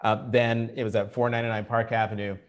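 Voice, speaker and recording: A middle-aged man telling career stories in an interview, animated and acting out the quotes. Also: lowish voice, fast. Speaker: journalist guest. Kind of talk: storytelling interview.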